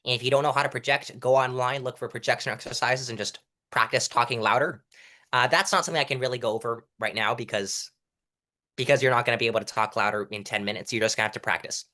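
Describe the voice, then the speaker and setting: A man's voice: mid-range voice, fast talker. A young man in a casual interview, explaining courtroom delivery and acting out example lines to show it. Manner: animated, demonstrates delivery by reciting lines at different volumes. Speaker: interview guest, mock trial competitor.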